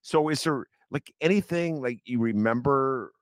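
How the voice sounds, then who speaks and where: A man hosting a podcast interview, chatting casually and telling joking, self-deprecating stories in an animated way. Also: mid-range voice, normal speed, dry recording, studio quality. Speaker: podcast host.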